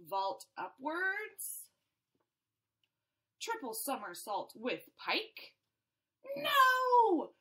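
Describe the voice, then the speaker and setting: A woman's voice: high-pitched, bright, forceful tone, full character voice. A woman reading a picture book aloud, voicing a melodramatic little fish stranded out of water that gasps theatrically. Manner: theatrical, over-the-top gasping. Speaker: storybook reader.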